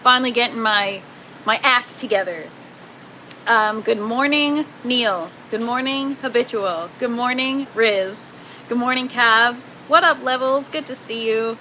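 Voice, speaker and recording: A woman's voice: on the high side, unhurried, bright, forceful tone, a little hiss or hum, low-quality recording. A young woman hosting a casual livestream, chatty and laughing often as she greets viewers by name from an indoor grow tent. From Canada. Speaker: livestream host.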